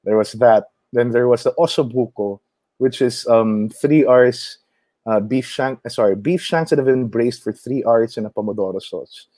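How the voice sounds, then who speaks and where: A man with a Filipino accent, a chef chatting as an interview guest, animated and quick to laugh as he tells stories. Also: mid-range voice, dry recording. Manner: animated storyteller, mixes in Tagalog, laughs often. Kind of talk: casual interview conversation.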